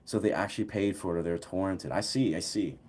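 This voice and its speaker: A man's voice: low voice, quick pace, a little mellow. A young man hosting a casual livestream, chatting with viewers in a loose, rambling way full of fillers. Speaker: livestream host. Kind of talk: casual chat answering viewers.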